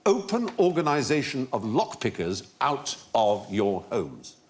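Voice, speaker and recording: British guy hosting a panel quiz, lively up-and-down voice, loves a weird fact. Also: medium pitch, unhurried. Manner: erudite, relishes odd facts, laughs often. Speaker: quiz show host. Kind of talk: comic panel show hosting.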